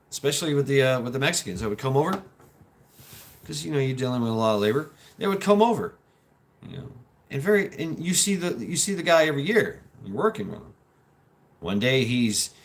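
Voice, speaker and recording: A man hosts his own stream and talks off the cuff. His delivery is halting and rambling, with restarts, swearing and laughs as he answers chat. His pitch sits in an ordinary middle range. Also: sing-song, a bit bright. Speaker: livestream host reading chat. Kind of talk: casual talk, reacting to chat.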